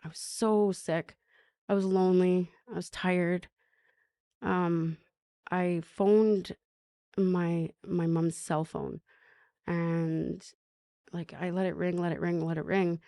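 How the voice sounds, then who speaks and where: A middle-aged woman, a podcast guest, telling an emotional recovery story in halting speech with many fillers and restarts. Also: lowish voice, level tone, dark tone, no echo, clean studio sound. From Canada.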